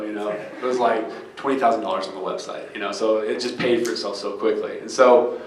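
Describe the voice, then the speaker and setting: A man's voice: fairly low pitch, fast, a bit bright. Earnest man speaking in an echoey room. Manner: earnest and storytelling, gets choked up, many restarts. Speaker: startup founder speaking on stage. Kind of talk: live fireside chat. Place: event venue with an audience.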